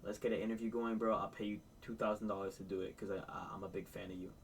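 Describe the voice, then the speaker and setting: Man, reaction streamer, mock-sincere tall tales, low pitch, sits back from the mic. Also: little pitch movement, quick pace, far from the mic, slight background noise, low-quality recording. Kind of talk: reaction commentary with absurd made-up stories.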